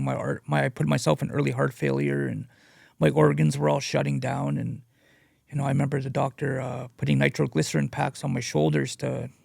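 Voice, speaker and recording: Man, recovery testimony, gravelly fry, dry close sound, halting earnest delivery, casual storytelling. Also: medium pitch, darkish tone, dry recording. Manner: halting, earnest, leans on "you know". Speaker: guest speaker sharing his recovery story.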